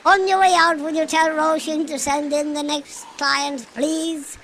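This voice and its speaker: A woman playing a brisk, pompous doctor in a comic radio sketch, breezy and patronising with patients. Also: high voice, flat delivery, fairly bright tone, a little hiss or hum. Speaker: radio comedy performer.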